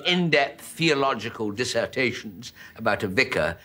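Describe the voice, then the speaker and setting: A male comedian from Britain delivers a rambling comic monologue and giggles at his own jokes. It is a live taping with loud audience noise. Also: lowish voice, lively intonation, brisk, hardly any pauses, crowd noise.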